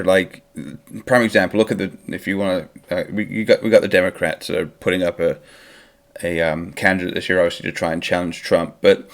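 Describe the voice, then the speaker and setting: Guy with a really low voice rambling on a watchalong stream, opinionated, keeps restarting. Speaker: host of a football watchalong stream. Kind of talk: casual live-stream chat.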